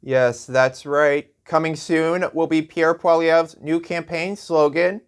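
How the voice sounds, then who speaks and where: Male late-night host: sarcastic, slow-paced monologue, chuckles at his own gags. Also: a little high, steady tone, clean tone. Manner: sarcastic, jokey, laughs at his own jokes. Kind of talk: comedic news monologue.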